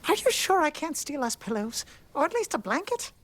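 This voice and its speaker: An actress playing a snarky, mocking young adventurer in an animated series, sarcastic in tone. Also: female voice, high voice, brisk, slight background noise.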